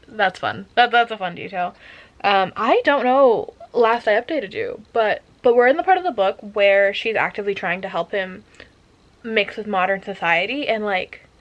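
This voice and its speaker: A woman's voice: mid-range voice, fairly bright tone. A young woman chatting casually about a book she is reading, gushing and rambling, sometimes dropping to a whisper. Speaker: reading vlogger.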